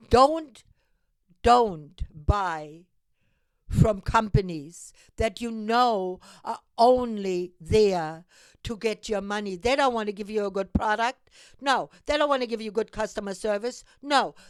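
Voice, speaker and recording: Woman, slow deliberate delivery, dry close sound, urgent and exhorting, repeats her points for emphasis. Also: fairly high pitch, clean tone, no echo. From Europe. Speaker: host of a civic call-to-action show. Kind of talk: impassioned direct-to-camera monologue.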